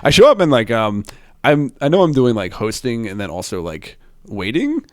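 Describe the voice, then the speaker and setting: A man's voice: medium pitch, huge pitch swings, normal speed, clean tone, no echo, studio quality. A young man telling a work story in casual chat, rambling with lots of fillers and restarts. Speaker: podcast host.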